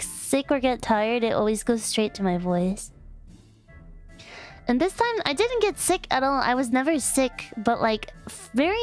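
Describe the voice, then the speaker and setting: A young woman streaming a casual chat, hoarse and raspy from losing her voice, talking in a bubbly, rambling way. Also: fairly high pitch. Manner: bubbly, chatty, rambling with frequent laughs. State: hoarse, voice partly gone. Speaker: VTuber streamer.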